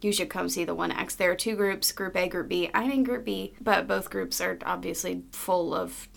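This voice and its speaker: A young student co-hosting a casual college podcast, with goofy deadpan quips. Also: mid-range voice, moderate pace, vocal fry. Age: young adult. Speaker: podcast co-host.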